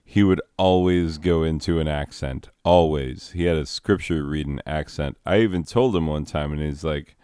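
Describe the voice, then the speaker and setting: A man hosting a video, talking in a halting, self-deprecating, rambling monologue. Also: a bass voice, mellow, clean tone, no echo, clean studio sound. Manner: halting, self-deprecating, many fillers and restarts. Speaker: video host.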